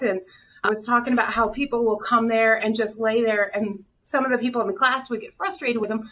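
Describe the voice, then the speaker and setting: Her voice fairly high, bright and forceful, a middle-aged hospital director speaks quickly with fairly even intonation during an interview. She tells her story earnestly and candidly, openly emotional and occasionally close to crying; the recording is dull and distant with faint background noise.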